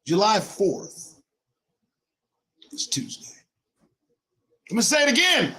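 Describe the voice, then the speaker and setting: Hoarse animated high-voiced man. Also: slow, long pauses. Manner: preachy, jokey, bursts into shouting. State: hoarse, losing his voice. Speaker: show host. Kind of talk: monologue to viewers.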